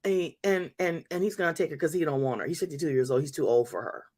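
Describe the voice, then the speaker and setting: A woman in her fifties giving a lively testimony to a congregation as a church speaker and host, talking straight to her audience. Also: low voice, fast talker. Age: 50s.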